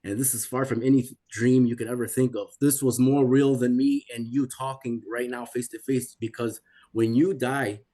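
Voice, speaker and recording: A man's voice: mid-range voice, mellow. A man in his forties telling a personal testimony in an intense, repetitive way, his voice rising when he pleads. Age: 40s.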